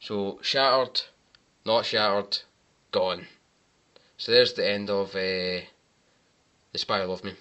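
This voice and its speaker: A man's voice: on the low side, slow, pauses often, bright, forceful tone, clean tone. A man giving casual, wry commentary on film mistakes over clips, with sarcastic asides. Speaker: movie mistake reviewer.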